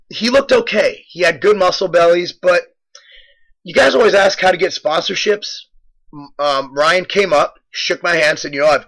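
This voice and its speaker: Young male fitness vlog host, boastful, jokey storyteller, bright tone. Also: fairly high pitch, rough recording. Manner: joking, boastful, rambling storyteller. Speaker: fitness supplement company host. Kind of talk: casual gym vlog commentary.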